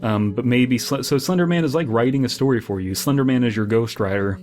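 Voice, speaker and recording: A man with an ordinary mid-range voice reads a horror story aloud, stopping often to pick it apart. His asides are sarcastic and exasperated, loaded with "like" and restarts. Soft music plays quietly behind him. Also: medium pitch, brisk. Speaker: horror story reader and critic. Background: faint background music.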